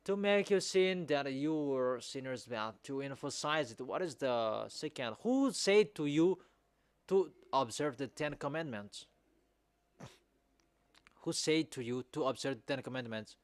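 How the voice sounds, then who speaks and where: A man preaching a sermon in non-native English, repeating his points with emphasis and rising to loud exhortation. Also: mid-range voice, expressive, a little slow, clear, resonant tone, no room sound.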